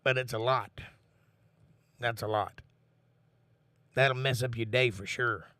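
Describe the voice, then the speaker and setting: A man's voice: medium pitch, fairly even intonation, slow, bright, forceful tone, dry recording. A man hosting a casual livestream, reading viewer comments aloud in a laid-back, folksy way and swearing now and then. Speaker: livestream host.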